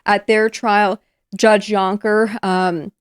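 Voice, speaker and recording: A woman's voice: mid-range voice, level tone, slow, clear, resonant tone, no room sound. Woman guest on a podcast, emphatic and fed up, dry close mic. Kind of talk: casual talk.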